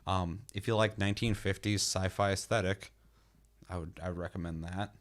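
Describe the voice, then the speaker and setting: A man's voice: low voice, fairly even intonation, moderate pace. A man co-hosting a gaming podcast in casual chat, swearing freely and telling stories with energy. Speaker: podcast co-host reviewing games.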